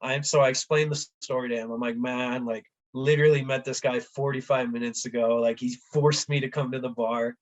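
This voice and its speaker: A man telling a travel story in a casual chat, animated and acting out the voices of the people in it, with a lot of "like". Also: medium pitch, a little fast, few pauses, rough recording. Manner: animated, acts out quoted voices, says "like" often. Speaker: podcast guest.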